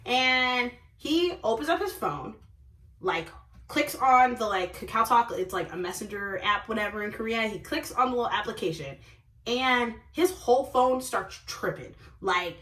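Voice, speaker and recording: A young woman, a vlogger, telling a dating story in a casual, animated way, jumping between loud exclamations and low asides. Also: normal speed. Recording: roomy, from a distance.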